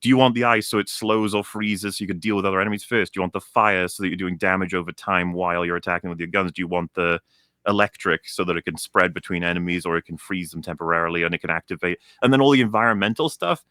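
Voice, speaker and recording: A man's voice: low voice, steady tone, quick pace, pushed and bright, dry recording, studio quality. A young man ranting in a casual show chat, heated and profane, often restarting his sentences. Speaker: co-host.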